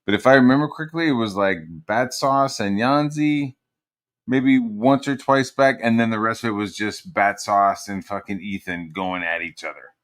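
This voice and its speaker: Low-voiced man ranting on a livestream. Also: moderate pace, a bit bright. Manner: profane, meandering, sarcastic. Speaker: livestream host. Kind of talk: casual ranting commentary.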